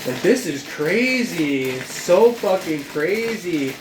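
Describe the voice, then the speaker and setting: A man with a fairly high voice rants in a rambling, profanity-laced tirade, his anger building as he goes. He is recorded a little away from the mic in an echoey room. A faint hum of room ambience sits behind him. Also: lively intonation, slow pace, recorded from a distance. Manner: angry, rambling, heavy swearing. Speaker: vlogger venting about job loss. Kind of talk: profane venting monologue.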